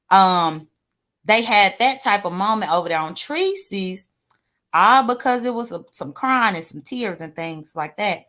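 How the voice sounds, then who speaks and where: A woman's voice: mid-range voice, unhurried, bright, forceful tone. A woman giving casual, sassy gossip commentary to her viewers, chatty and exclamatory. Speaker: online drama commentator.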